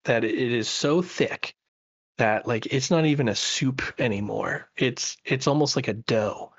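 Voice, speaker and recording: A man's voice: medium pitch, measured pace, highs cut off. A man co-hosting a podcast, chatting casually and enthusiastically with lots of fillers and restarts. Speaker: podcast co-host.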